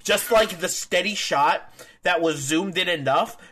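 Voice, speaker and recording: A man in casual chat about a wrestling match, excitable and full of "like" fillers and laughter. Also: high-pitched, a little slow. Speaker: podcast co-host.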